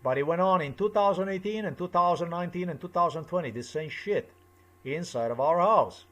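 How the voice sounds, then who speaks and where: Man, ranting vlogger, a little high-pitched; agitated and profane, circles back over the same points. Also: a little fast, a bit bright. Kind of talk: angry personal monologue.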